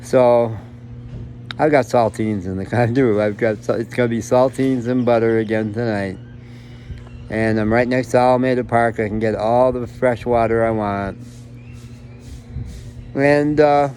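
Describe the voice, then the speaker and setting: A man's voice: medium pitch, fairly even intonation, measured pace, pauses often, a little mellow, a little hiss or hum. An older man with a cold, rambling and chuckling as he talks to the camera outdoors near a city park. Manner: rambling, chuckling often, self-deprecating. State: has a cold, coughing. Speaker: travel vlogger. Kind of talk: casual self-filmed monologue.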